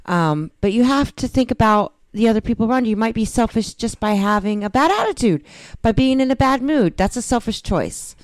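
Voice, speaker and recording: A woman's voice: on the high side, animated, a little fast, no room sound. A woman talking earnestly and a bit rambling in a casual recovery chat, often restarting her sentences.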